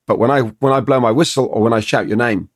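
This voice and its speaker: A man's voice: mid-range voice, fast talker, slightly rough, no echo, studio quality. A middle-aged man, a dog trainer in a podcast conversation, explaining his ideas and acting out little quotes from dogs and owners. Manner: animated storyteller, acts out dog and owner quotes.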